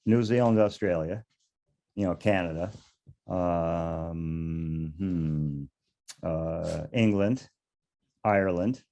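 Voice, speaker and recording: A man's voice: low voice, takes it slowly, long pauses, dark tone, lo-fi sound. An older man, a beekeeper and interview guest, telling stories casually in a rambling way, chuckling now and then and often restarting his sentences. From United States.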